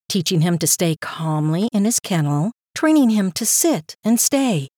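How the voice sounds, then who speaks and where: A woman reading a story aloud in a calm, even storytelling manner with a gentle lilt. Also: medium pitch, no room sound, clean studio sound. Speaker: narrator. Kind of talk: scripted story narration.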